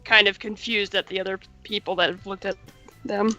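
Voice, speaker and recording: A woman's voice: medium pitch, fairly even intonation, fairly quick, pushed and bright, highs cut off, faint music behind. A woman playing a tabletop role-play, describing her character's actions in the third person. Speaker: player.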